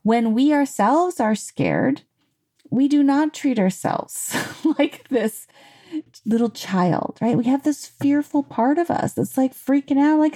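A woman giving a casual motivational talk in a lively, conversational way, full of "you know" and "like". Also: high voice, unhurried. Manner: animated, conversational, acts out quotes; frequent fillers like "you know" and "like". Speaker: self-help speaker.

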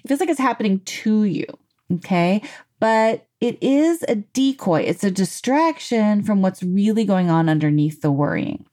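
A woman giving a casual motivational talk in a lively, conversational way, full of "you know" and "like". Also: medium pitch, normal speed. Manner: animated, conversational, acts out quotes; frequent fillers like "you know" and "like". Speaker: self-help speaker.

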